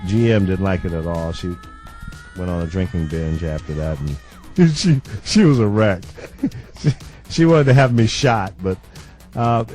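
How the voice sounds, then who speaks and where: A man with a very deep, low voice looks back on his radio career in a relaxed, matter-of-fact way. Faint music plays under the conversation. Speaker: radio veteran, guest. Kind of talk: casual interview recollection.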